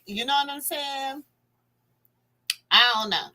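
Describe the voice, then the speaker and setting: Slow-talking woman, bright voice. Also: high-pitched, low-quality recording. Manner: chatty, rambling with many fillers. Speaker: livestream host. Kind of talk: casual commentary livestream.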